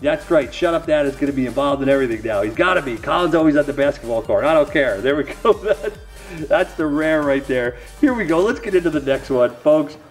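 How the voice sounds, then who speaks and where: A man's voice: on the high side, lively intonation, brisk, soft background music. A middle-aged man rambling casually to camera while opening card packs, with self-mocking, folksy asides.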